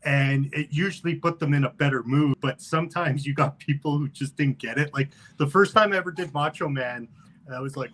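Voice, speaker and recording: A man chatting on a live video call, his voice sitting a little high. He tells stories with lots of energy and keeps breaking into impressions. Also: a little fast, rough recording. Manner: animated, slips into character voices. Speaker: guest reviewer on a live stream. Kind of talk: casual chat, storytelling with impressions.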